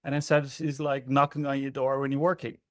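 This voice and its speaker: A man speaking at a middle pitch, blunt and emphatic, dropping profanity freely as he gives coaching advice. The sound is close and dry, with almost no room reflection. He talks in an unpolished, conversational interview style. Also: flat delivery, fairly quick, fairly bright tone, no room sound. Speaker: relationship coach.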